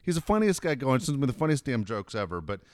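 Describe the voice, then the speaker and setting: A man's voice: very animated, a little mellow, no echo, studio quality. A man co-hosting a radio show, chatting casually and doing a live ad read with a salesman's push. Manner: fast, pitchy, salesman-like delivery.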